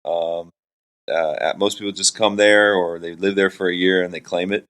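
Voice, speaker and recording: Joking deep-voiced man from Florida. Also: fairly even intonation, normal speed, a bit bright, clean tone. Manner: joking, self-deprecating, playful. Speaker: Christian hip hop artist and pastor. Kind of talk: casual interview chat. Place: hotel room.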